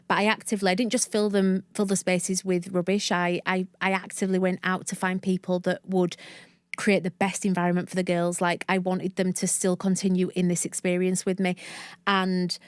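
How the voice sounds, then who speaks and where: A woman's voice: fairly low pitch, level tone, moderate pace, clear, resonant tone, dry recording, clean studio sound. Chatty Northern English woman from Leeds. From Leeds, England. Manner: chatty, effusive, self-interrupting. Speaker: guest, manifestation coach. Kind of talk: casual podcast interview.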